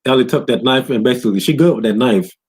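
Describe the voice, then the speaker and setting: A man in a loose, profane rant recapping a video game, often breaking into higher voices to quote characters. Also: fast, a little hiss or hum. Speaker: gaming commentator.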